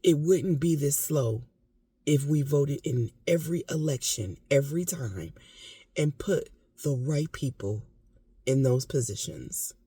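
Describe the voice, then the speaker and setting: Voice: medium pitch, expressive, unhurried, dark tone, slightly rough, dry recording. A vlogger giving impassioned casual commentary, emphatic and repetitive, with occasional coughing. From United States.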